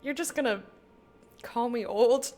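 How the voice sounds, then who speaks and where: In this clip, a woman in her thirties streams herself playing a game, chatting casually, giggling a lot, and reading the game's text out loud. Her voice runs a little high and a little slow, with a warm tone, and soft music plays behind her.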